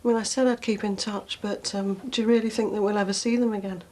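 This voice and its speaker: A woman's voice: medium pitch, steady tone, fast, darkish tone, natural voice. An actress playing a worried, guilt-ridden mother in a TV soap drama, speaking anxiously.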